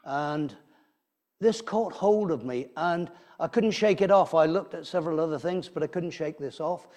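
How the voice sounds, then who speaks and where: A man's voice: a little high, normal speed, a little mellow. A man preaching a conversational sermon in church, asking the congregation rhetorical questions and often restarting his phrases.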